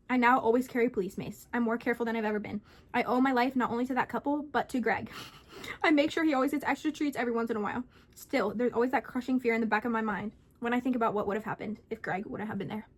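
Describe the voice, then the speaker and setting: High-voiced young woman telling a scary story. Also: rapid-fire. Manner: animated, dramatic reading. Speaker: vlogger. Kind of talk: reading a scary story aloud.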